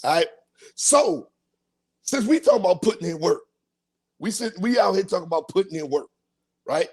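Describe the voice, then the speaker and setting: A man's voice: sits high, very animated, normal speed, husky. A man hosting a podcast, telling a profane comic story and acting out voices and sound effects. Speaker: podcast host.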